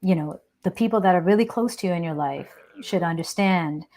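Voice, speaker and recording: Woman host, a touch low-pitched, for a live Q&A advice read: relaxed, frank, conversational. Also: brisk. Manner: casual and chatty, frequent "um" and tag "right?"; frank, expressive, explanatory. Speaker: host answering viewer questions. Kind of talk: live-stream Q&A advice talk.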